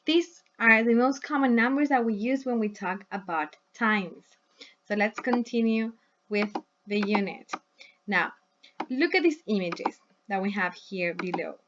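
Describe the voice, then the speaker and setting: A woman's voice: medium pitch, lo-fi sound, background noise. A woman teaching an English lesson in a recorded video, modelling words for her students to repeat and checking in with them often. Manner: patient, checks in with "right?" and "yes?"; models words slowly for repetition.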